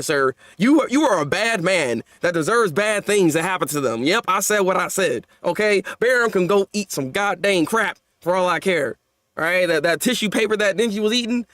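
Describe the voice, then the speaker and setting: A man with a high, lively voice that leaps all over the place, reacting live in a casual, slangy way. He stumbles and repeats words as he talks, and the recording is dry and close. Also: normal speed, no echo. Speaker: manga reaction YouTuber.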